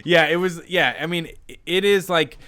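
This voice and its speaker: A man hosting a call-in show, chatting in a relaxed way with casual swearing. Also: fairly high pitch, normal speed, clear, resonant tone. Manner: laid-back, swears casually. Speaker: host. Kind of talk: casual chat.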